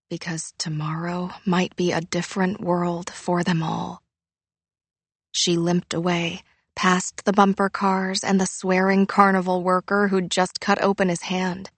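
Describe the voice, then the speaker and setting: A woman reading a novel aloud in measured, even narration. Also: lowish voice, no echo. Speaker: audiobook narrator. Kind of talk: scripted narration.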